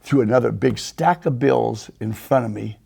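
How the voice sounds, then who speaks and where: An older man hosting a podcast, telling unhurried anecdotes and quoting people in a lowered voice. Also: vocal fry, warm tone, slightly rough. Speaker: podcast host, storyteller. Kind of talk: casual storytelling interview.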